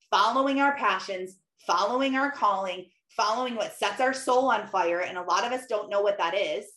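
A woman's voice: medium pitch, a bit bright, echoey room, low-quality recording. A young woman talking casually about her faith, chatty, with many "like"s. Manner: chatty, lots of "like", laughs often. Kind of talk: casual faith vlog monologue.

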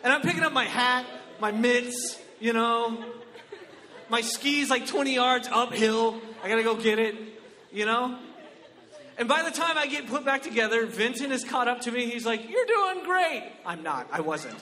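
High bright-voiced guy doing stand-up, animated, keeps saying right?, big reverby hall. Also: moderate pace. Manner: animated, exclamatory, frequent rhetorical "right?". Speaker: comedian. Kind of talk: stand-up storytelling.

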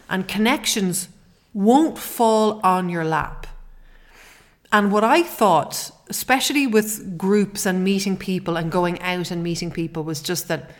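A middle-aged woman hosting a podcast, talking in an earnest, heartfelt way with frequent restarts. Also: fairly low pitch. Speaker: podcast host. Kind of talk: personal podcast monologue.

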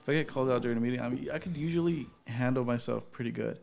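Laid-back man with a gravelly edge, casual chat, easy cursing. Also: mid-range voice, very fast, darkish tone. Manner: laid-back, swears often, reflective.

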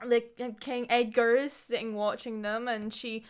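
A woman's voice: on the high side, little pitch movement, normal speed, clear, resonant tone. A woman co-hosting a podcast, recapping a film with dry humor. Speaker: podcast co-host. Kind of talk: casual film recap chat.

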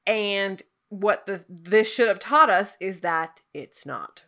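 A woman's voice: mid-range voice, expressive, slow pace, bright, forceful tone. A woman co-hosting a casual TV recap chat, wry and critical. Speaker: podcast co-host.

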